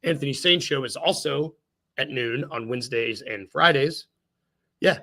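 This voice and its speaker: A man's voice: medium pitch, normal speed, bright, forceful tone. A young man hosting a podcast in casual chat, rambling and joking at his own expense. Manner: jokey, rambling, laughs at himself. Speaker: podcast host.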